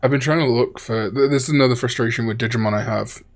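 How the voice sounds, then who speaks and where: A man's voice: medium pitch, steady tone, quick pace. A man chatting and joking casually as co-host of a Let's Play. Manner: chatty, joking, rambling asides. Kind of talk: casual gaming chat.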